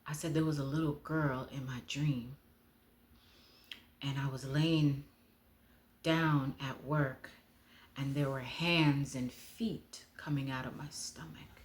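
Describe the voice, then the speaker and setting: A woman telling her personal testimony at a slow, deliberate pace. She speaks from the heart and often lowers her voice to a near hush. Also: steady tone, a little hiss or hum.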